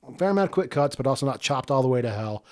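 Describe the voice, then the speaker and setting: A man's voice: medium pitch, expressive, very fast. A man co-hosting a casual movie review podcast, laid-back and profane, laughing often. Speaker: podcast co-host. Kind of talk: casual film review chat.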